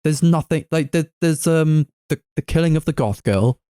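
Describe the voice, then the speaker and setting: A man's voice: a little high, moderate pace, warm tone, no echo, clean studio sound. A man co-hosting a casual movie review podcast, sarcastic and mocking, swearing freely. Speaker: podcast co-host.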